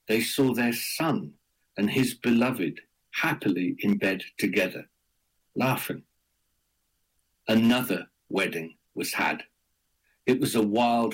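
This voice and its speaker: A man telling a folk tale aloud in a measured, deliberate storytelling manner. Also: medium pitch, breathy edge, low-quality recording. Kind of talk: oral storytelling.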